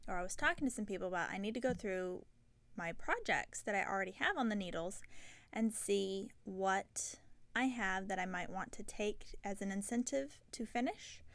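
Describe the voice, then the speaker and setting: A tired woman hosting a knitting podcast, chatting casually and rambling, with soft half-whispered asides. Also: medium pitch, creaky, no room sound. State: tired and yawning. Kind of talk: casual chat. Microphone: self-filmed camera.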